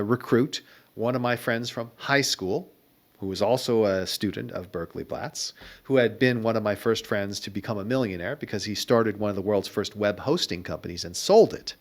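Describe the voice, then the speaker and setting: Low-voiced middle-aged man telling stories. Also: normal speed. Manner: reflective, wry anecdotes. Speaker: guest entrepreneur. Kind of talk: conversational storytelling.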